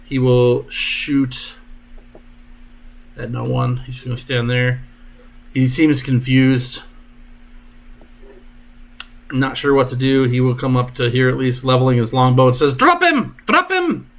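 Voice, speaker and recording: A man as dungeon master, narrating combat turns with brisk, jokey asides. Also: medium pitch, monotone, gravelly.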